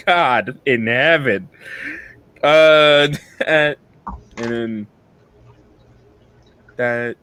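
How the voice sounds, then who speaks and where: A man playing a tabletop role-playing game in a casual, excitable way, laughing often and swearing. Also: on the low side. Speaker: player.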